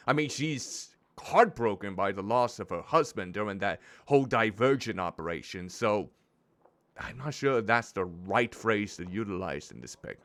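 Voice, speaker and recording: A man streaming a game, chatting in an expressive, self-deprecating way. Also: on the low side. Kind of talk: gameplay commentary.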